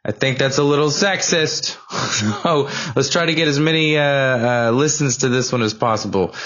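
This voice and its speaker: A man hosting a podcast, giving a rambling, halting introduction full of ums and uhs. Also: medium pitch, a bit bright, lo-fi sound. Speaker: podcast host.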